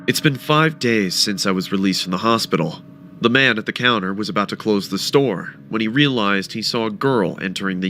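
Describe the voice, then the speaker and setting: A man narrating a first-person horror story with a dramatic, expressive delivery. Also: on the low side, slight background noise.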